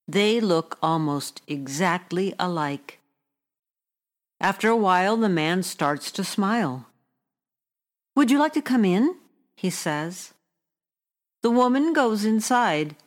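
A woman reading a short story aloud in a measured, hushed way. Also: on the low side, lively intonation.

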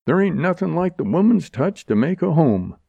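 A man's voice: on the high side, sing-song, normal speed, vocal fry, warm tone, slightly rough, no room sound, pitched above the performer's own voice, full character voice. A man voicing a frontier doctor among outlaws, speaking in a soothing, coaxing drawl. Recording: dull lo-fi audiobook recording.

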